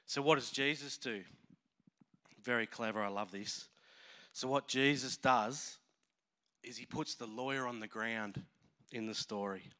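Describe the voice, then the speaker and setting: A man preaching a sermon as a pastor, emotional and animated, acting out voices as he tells a parable. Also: mid-range voice, a little slow, pauses often, clear, resonant tone.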